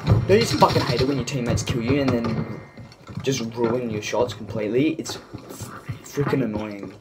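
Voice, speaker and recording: A man's voice: medium pitch, moderate pace, very noisy. A man giving gameplay commentary while he plays, swearing constantly and ranting in frustration. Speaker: gamer. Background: game music and sound effects.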